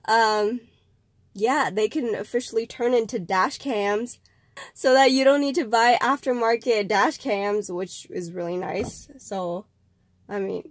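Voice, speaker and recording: A young woman hosting a casual vlog talks to camera in a chatty, rambling way, full of fillers and restarts. She's getting over a cold and sounds slightly nasal. Her voice is mid-range, with no room sound.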